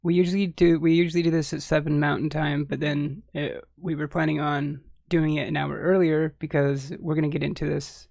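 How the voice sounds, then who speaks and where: Male podcast host, gravelly and flat, rambling casual delivery. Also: a little high, fairly quick, few pauses, no room sound, studio quality. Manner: easygoing, rambling with many restarts and fillers. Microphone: headphones and desk mic.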